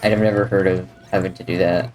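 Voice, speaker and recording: A man's voice: sits low, level tone, fast talker, a little mellow. A man streaming a video game live, chatting casually with viewers, reading their messages and joking about the game as he plays. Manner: chatty, jokey, drifts between talking to chat and to the game. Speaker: livestreamer. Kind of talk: casual gameplay commentary, reading chat. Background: faint game music.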